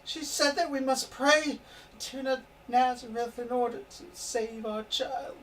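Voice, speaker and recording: A man's voice: very high-pitched, measured pace, fairly bright tone, pitched above the performer's own voice. A man voicing a grieving village mother who pleads near tears, from a distant mic with background noise. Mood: frantic pleading.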